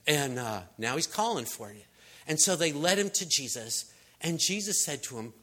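A man's voice: fairly high pitch, big pitch swings, moderate pace. A man giving a sermon in a casual storytelling way, acting out the people in his stories. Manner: storytelling, acts out voices, shouts for emphasis. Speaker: preacher.

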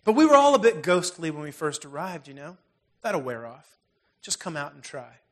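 A patient, shining heavenly spirit who coaxes gently and kindly, as a preacher voices him. The voice sits high for a man and stays warm in intent, part of a story told from the pulpit. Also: big pitch swings, normal speed. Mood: coaxing. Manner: gentle, coaxing.

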